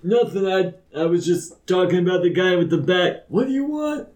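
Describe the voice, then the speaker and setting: A man voicing a loud, jumpy young townsman in a tabletop game who talks in a flustered rush. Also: sits high, big pitch swings, moderate pace, echoey room, distant mic, pitched above the performer's own voice.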